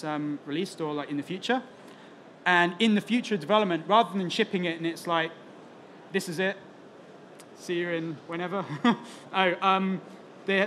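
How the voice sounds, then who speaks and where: Man, high voice, conference presentation, chatty, jokey, lots of ums. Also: fairly bright tone, slight background noise. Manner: chatty and joking, many fillers. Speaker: product evangelist presenting at a conference. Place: conference talk in front of an audience.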